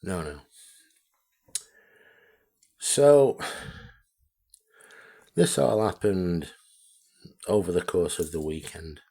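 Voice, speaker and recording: Man with a very deep voice for a blunt, profane vlog rant. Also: very animated, very slow, vocal fry, pauses often, warm tone. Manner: blunt, heavily profane, repetitive. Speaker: amateur radio vlogger. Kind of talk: ranting video monologue.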